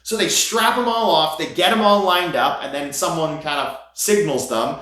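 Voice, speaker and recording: A man telling an excited vlog story, gushing, with his voice jumping high at the thrilling parts. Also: normal speed. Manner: animated, gushing, voice jumps high when excited. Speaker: vlogger. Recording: very echoey room.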